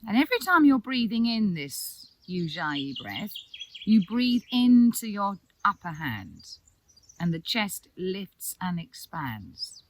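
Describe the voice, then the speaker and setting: A woman guides a yoga breathing exercise in a soft, calm, reassuring voice. Her pitch sits in a middle register, and she leaves long pauses between her directions. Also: slight background noise. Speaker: yoga teacher. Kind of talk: gentle breathing instruction.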